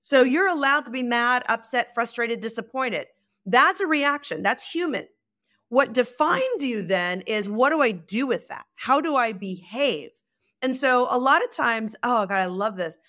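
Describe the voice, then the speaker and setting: A woman's voice: a little high, a little slow. A woman guest on a podcast, a communication coach speaking emphatically and acting out little dialogues. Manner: animated, emphatic, acts out dialogue. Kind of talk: podcast conversation.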